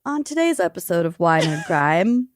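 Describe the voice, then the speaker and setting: A woman's voice: fairly low pitch, big pitch swings, normal speed, no room sound, clean studio sound. A woman co-hosting a podcast in casual chat, talking in a giggly, self-deprecating way. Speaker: podcast co-host.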